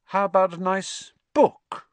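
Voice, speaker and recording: A man voicing a cheeky, joking teenage boy who talks in quick, teasing, excitable bursts. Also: mid-range voice, no room sound, pitched above the performer's own voice.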